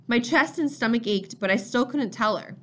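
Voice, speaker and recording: A woman reads a first-person novel aloud as an audiobook. Her narration is steady and measured. The pacing is unhurried. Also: on the high side. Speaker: audiobook reader.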